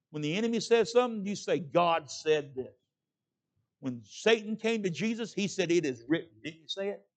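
A man's voice: fairly high pitch, a little mellow. A middle-aged man preaching a sermon, folksy and plain-spoken, often calling out "amen?" to the congregation. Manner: preaching with frequent call-outs of "amen?" to the congregation. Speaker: pastor.

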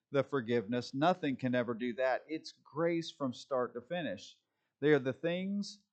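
Man leading a Bible study, muffled sound. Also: mid-range voice. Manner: halting, thinks aloud while leafing for verses; ends with a short closing prayer. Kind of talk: informal Bible study teaching.

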